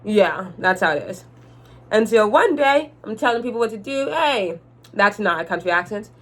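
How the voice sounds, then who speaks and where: A young adult woman telling a storytime vlog in an animated, chatty way, speaking straight to her viewers. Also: medium pitch, moderate pace. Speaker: vlogger.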